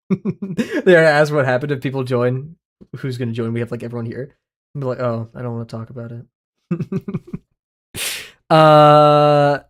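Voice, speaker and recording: A streamer chatting casually and excitedly with viewers, laughing often and swearing freely while reacting to chat. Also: mid-range voice.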